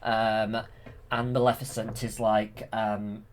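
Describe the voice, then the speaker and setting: A man's voice: on the low side, level tone, takes it slowly, a little hiss or hum. A man casually retelling a film from memory, hesitant, with many fillers and restarts. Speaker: channel host.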